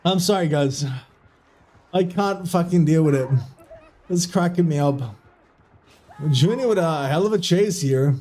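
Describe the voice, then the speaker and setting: High-voiced man giggling through game commentary. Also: a little slow, pauses often, darkish tone. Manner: keeps breaking into giggling fits while commentating; trips over his words and restarts when flustered. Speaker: streamer casting a community game tournament. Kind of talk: live video game commentary.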